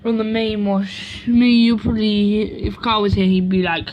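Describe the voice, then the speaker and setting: A woman's voice: medium pitch, little pitch movement, moderate pace, hardly any pauses, slight background noise. Rambling young woman on a lo-fi home video. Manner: rambling, self-correcting, chatty asides. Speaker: vlogger. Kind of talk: casual rambling chat. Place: home, by a washing machine. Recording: dull lo-fi home recording.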